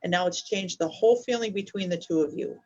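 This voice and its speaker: A woman's voice: lowish voice, quick pace. A woman teaching dementia care in a live online session, affirming her co-trainer with frequent yeps. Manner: warm affirming, frequent "yep". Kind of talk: live-streamed training chat. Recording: dull lo-fi sound.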